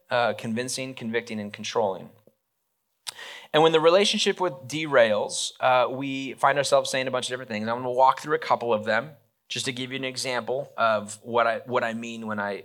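Bright-voiced man preaching conversationally. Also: mid-range voice, moderate pace. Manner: conversational, animated, acts out quoted lines. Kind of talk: sermon.

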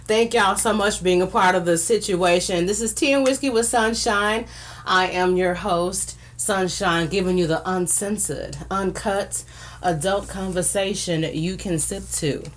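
A woman's voice: medium pitch, unhurried. A woman hosting a live podcast talk show, effusive and playful, greeting listeners by name and laughing often. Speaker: podcast host.

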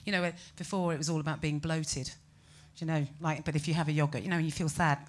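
A British woman performing a stand-up comedy set, ranting with incredulous, animated exclamations. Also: low voice, fast. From Britain.

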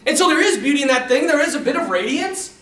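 Animated priest telling a story in a roomy hall. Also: male voice, extremely high pitch, fast. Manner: animated, laughs often, acts out quotes. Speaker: Catholic priest speaking to a group. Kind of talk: casual talk with a story. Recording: roomy hall, distant mic.

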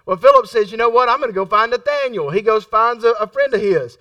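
A man's voice: extremely high pitch, lively intonation, fast, bright, forceful tone, no room sound, recorded from a distance, muffled recording. A middle-aged man preaching a sermon in a conversational style, repeating phrases for emphasis and acting out the voices in his stories. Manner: acts out quoted voices in his storytelling.

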